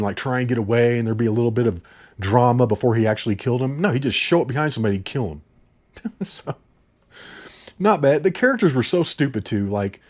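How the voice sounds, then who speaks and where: A man ranting through a movie review, exasperated and full of profanity. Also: mid-range voice.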